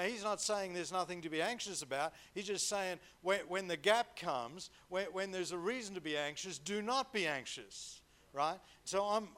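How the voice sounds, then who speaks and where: A man delivers a sermon, his voice pitched high. He talks to the congregation like a conversation, stumbling over repeated words and tagging 'right?' onto his points. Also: fairly bright tone. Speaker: preacher.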